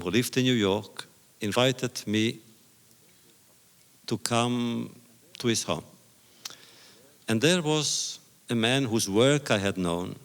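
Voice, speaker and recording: Older male lecturer, gravelly, deliberate storyteller, echoing hall. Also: on the low side. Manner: measured, deliberate phrasing with pauses. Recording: reverberant hall recording. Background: audience laughter.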